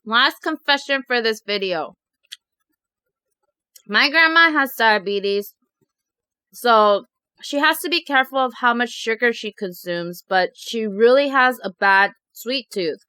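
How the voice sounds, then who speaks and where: A woman vlogger chats casually as she tells viewer confessions, animated and quick to giggle. Her voice is bright and fairly high, with a clean, crisp tone. It is recorded dry and close to the mic. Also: no room sound. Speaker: mukbang vlogger.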